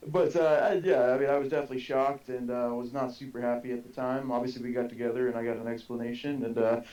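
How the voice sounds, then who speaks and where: A man who once played the game, now a guest commentator on a casual live show, talking in a relaxed way with frequent hesitations. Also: mid-range voice, fast talker, highs cut off. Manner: relaxed, hesitant, many fillers.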